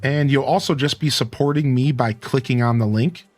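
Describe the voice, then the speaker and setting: A man's voice: medium pitch, moderate pace, darkish tone, soft background music. A man streaming a video game, chatting casually with his viewers and reading game dialogue aloud. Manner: reads game dialogue aloud, sometimes in a put-on Scottish voice. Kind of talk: casual gameplay commentary.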